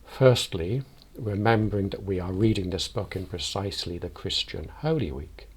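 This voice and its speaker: A man with a deep, low voice delivers a reflective sermon. His tone is husky, and he speaks in a measured, deliberate way. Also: lively intonation, a little mellow. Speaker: parish priest.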